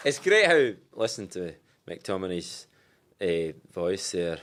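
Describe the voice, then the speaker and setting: Slow-drawling comic panellist. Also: male voice, sits low, sing-song, a loud crowd. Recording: studio audience laughter and noise.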